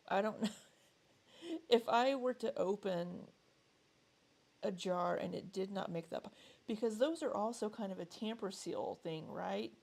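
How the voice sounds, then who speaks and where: Woman, gravelly voice, casual reaction commentary, hesitant, laughs a lot. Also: mid-range voice, a little mellow. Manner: chatty, hesitant, laughs often. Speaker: reaction vlogger.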